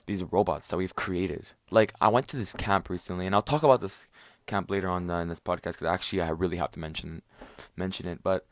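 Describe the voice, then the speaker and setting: A man's voice: low-pitched, brisk, no echo, clean studio sound. A young man hosting a solo podcast, rambling with lots of fillers and restarts, tired and worn out. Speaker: podcast host.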